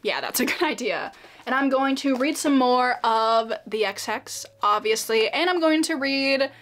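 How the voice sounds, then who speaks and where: Young female book vlogger, casual, giggly, a bit high-pitched, chatty fillers. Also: animated, unhurried, fairly bright tone. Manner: bubbly, giggly, lots of fillers. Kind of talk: casual vlog chat.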